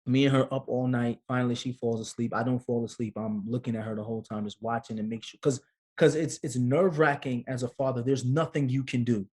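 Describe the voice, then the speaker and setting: A man in his thirties tells a story as a guest in a relaxed interview. His delivery is lively and casual, and he acts out the voices of the people in it. His pitch sits in the middle range for a man. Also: a little fast, slightly rough. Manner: animated storyteller, acts out quotes. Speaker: guest, actor and father.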